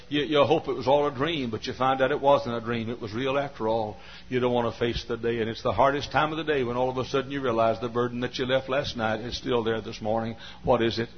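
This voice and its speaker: A male pastor preaching a sermon from a church pulpit, repeating phrases and swinging from hushed tones to shouting. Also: medium pitch. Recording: dull lo-fi sermon recording.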